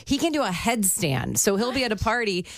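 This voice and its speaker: A woman co-hosting a morning radio show, enthusiastic and quick to praise and laugh. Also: mid-range voice, very animated, no room sound. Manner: enthusiastic, warm praise, giggly. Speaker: radio co-host. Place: radio studio. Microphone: studio mic.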